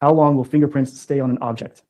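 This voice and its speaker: A man gives testimony in court in a mellow, dark voice. He reads out entries one after another and spells words letter by letter, in a plain, matter-of-fact way. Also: medium pitch, little pitch movement, fast talker, low-quality recording. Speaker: investigator testifying as witness.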